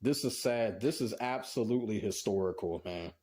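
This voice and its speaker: Commentating on fighting games, a man with a lowish, slightly mellow voice speaks at normal speed. He rants profanely and exasperatedly, groaning "oh my God, man" in disbelief again and again.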